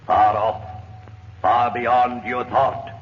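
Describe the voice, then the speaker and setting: A man's voice: medium pitch, flat delivery, drawn-out words. A man playing a supernatural voice of the storm, solemn and portentous, in an old radio drama. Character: booming supernatural voice of the tempest, ancient and ominous. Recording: muffled vintage radio recording with hiss.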